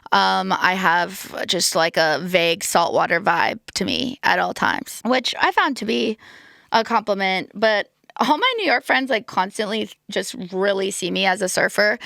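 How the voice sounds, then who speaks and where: Gravelly-voiced woman rambling playfully. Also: mid-range voice, a bit bright, no room sound, clean studio sound. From United States. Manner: rambling, self-deprecating, playful asides. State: slightly losing her voice. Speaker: podcast host. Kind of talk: casual comedic monologue.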